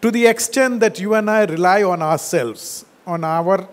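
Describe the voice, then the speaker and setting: High-voiced preacher with emphatic delivery. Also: male voice. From India. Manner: emphatic preaching, drops low and soft at phrase ends; slows down to quote scripture. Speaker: pastor. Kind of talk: sermon.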